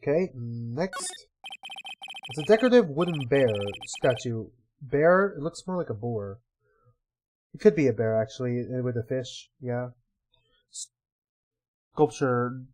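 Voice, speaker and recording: A man's voice: medium pitch, expressive, a little slow, long pauses, a little mellow. A man casually reading game dialogue aloud with wry asides while playing. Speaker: let's-player.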